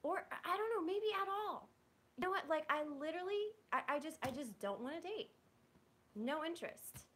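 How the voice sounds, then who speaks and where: Young woman vlogger, bright and high, candid frustrated venting with swearing. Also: expressive, normal speed. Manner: rambling, blunt, profane, frustrated. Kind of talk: candid venting to a live audience.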